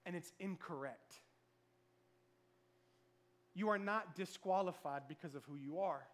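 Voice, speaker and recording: A man preaching a sermon, telling a lively personal story and acting out the voices of the people in it. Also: sits high, unhurried. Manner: storytelling, animated, acts out quoted voices. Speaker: pastor.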